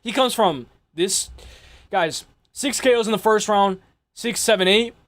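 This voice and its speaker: High-voiced young man rambling about fights. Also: a little slow. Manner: rambling, excitable, swears often, repeats himself. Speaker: MMA podcast host. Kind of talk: casual fight-prediction chat.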